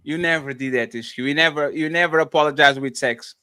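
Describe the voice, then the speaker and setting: Male host, bright, tense tone, needles the panel with cheeky questions. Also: on the high side, fairly quick, clean tone, no echo. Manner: provocative, teasing questions, crude humor. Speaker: podcast host. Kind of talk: heated casual panel debate.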